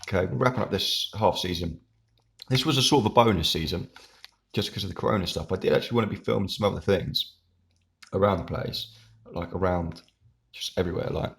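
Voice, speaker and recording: A man's voice: low voice, creaky. A man, hosting his own channel, chatting casually in a rambling way while eating with his mouth full. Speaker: YouTube channel host.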